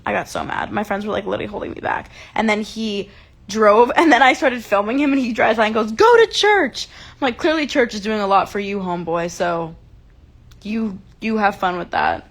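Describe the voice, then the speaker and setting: A woman's voice: medium pitch, a little fast, gravelly. A woman hosting a casual livestream chat, talking heatedly and emphatically and swearing often, into a phone held close. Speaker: livestream host.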